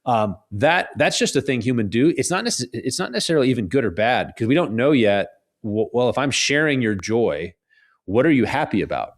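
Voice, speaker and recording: A man, a guest author, talking earnestly in an interview, animated and often restarting his sentences. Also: mid-range voice, a little fast. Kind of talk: conversational interview.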